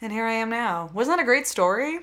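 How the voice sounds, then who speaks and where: Bright-voiced, giggly young woman podcaster. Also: on the high side, animated. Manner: bubbly, giggly, jokey, quick asides. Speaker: podcast co-host. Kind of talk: casual chat.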